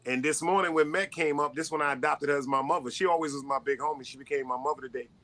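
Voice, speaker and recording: A man hosting a live stream show, chatting casually and hyping up his guests as he shouts them out. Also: on the high side, fast. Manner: hyped, shouts people out. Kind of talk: casual chat.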